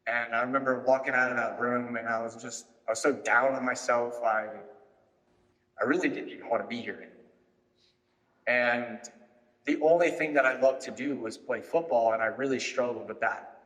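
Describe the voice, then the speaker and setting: A man's voice: medium pitch, fairly even intonation, normal speed, fairly bright tone. A man, a football recruiting coach, giving a motivational keynote to a live audience, telling personal stories that build to emphatic punchlines. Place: large hall before a live audience. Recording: echoey hall with long reverb.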